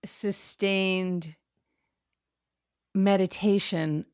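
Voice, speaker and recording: A woman's voice: mid-range voice, steady tone, a little mellow, clean tone. A woman hosting an interview, speaking in a thoughtful, reflective way. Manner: slow, thoughtful. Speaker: host. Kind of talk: casual interview chat.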